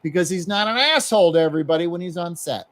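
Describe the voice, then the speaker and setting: A man's voice: sits high, animated, fast, fairly bright tone. A man hosting a podcast in casual chat, blunt and joking. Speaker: podcast host.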